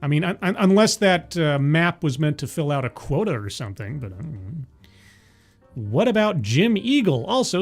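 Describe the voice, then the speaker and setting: A man's voice: on the high side, sing-song, normal speed, long pauses, soft background music. A man hosting a casual commentary vlog, rambling and self-deprecating, with frequent restarts. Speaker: host.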